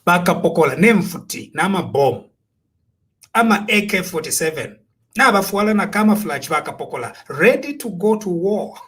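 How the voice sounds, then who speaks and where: A man's voice: high-pitched, big pitch swings, moderate pace, a bit bright. A man with a Zambian accent giving impassioned, preachy political commentary, full of rhetorical questions. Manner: preachy, rhetorical, switching between Bemba and English.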